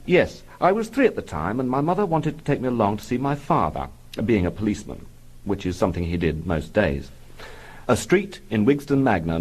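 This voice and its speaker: A man reading a comic memoir aloud in a dry, deadpan manner. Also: lowish voice, poor audio. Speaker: comic narrator.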